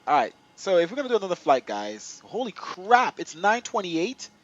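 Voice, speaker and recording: A young man live-streaming a flight simulator, chatting excitedly to his viewers and laughing often. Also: high-pitched, normal speed, muffled recording. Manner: excitable, laughing, talks to chat.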